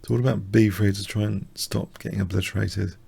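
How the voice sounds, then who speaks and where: A tired man commentating his own blitz chess game live, muttering self-deprecating remarks and clearing his throat. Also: lowish voice, level tone, brisk, warm tone. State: slightly exhausted, coughing. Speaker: chess streamer.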